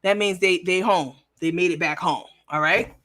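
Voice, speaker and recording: A brash woman hosting a livestream, swearing freely and addressing her viewers directly. Her voice sounds bright and sharp-edged. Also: lowish voice, normal speed. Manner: brash and profane, talks straight to viewers. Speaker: livestream host. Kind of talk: casual livestream chat.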